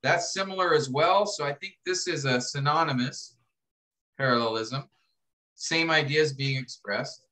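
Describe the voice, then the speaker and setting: A man lecturing to a class, walking students through an assignment step by step, restarting phrases and slowing down to read verses aloud. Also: on the high side, bright, forceful tone, rough recording. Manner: explanatory, repeats and restarts phrases, reads verses slowly. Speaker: instructor.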